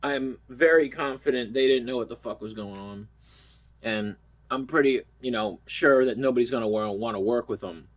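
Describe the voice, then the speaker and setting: A man's voice: medium pitch, moderate pace. Brief: middle-aged man from Pittsburgh, stuffy-nosed, with a blunt, profane ranting delivery. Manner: angry, blunt, swears constantly. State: stuffy nose. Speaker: vlogger. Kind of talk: profane rant.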